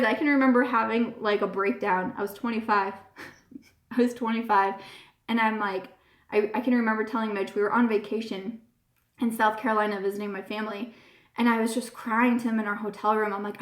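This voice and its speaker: A woman's voice: on the high side, moderate pace. A woman hosting a casual live-stream chat, talking in a gushing, earnest way and often repeating herself. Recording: roomy echo.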